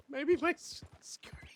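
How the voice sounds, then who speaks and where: A woman streaming a live game roleplay, excitable and quick to laugh and shriek. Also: slight background noise, rough recording. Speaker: streamer playing a roleplay character. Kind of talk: live gaming roleplay chat.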